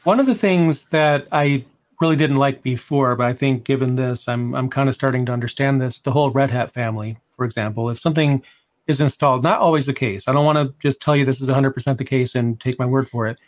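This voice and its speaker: A man's voice: mid-range voice, fast talker. Man chatting on a tech podcast. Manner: conversational, emphatic, repeats words when starting sentences. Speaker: podcast co-host. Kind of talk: casual tech podcast discussion.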